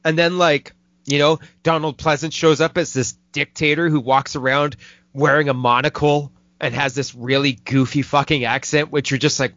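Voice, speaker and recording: A man's voice: on the high side, fairly even intonation, fairly bright tone, no echo. Laid-back man trashing a movie, dry dull audio. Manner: loose and profane, drops quick mocking impressions into his retelling. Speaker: podcast host reviewing a movie. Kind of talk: casual chat.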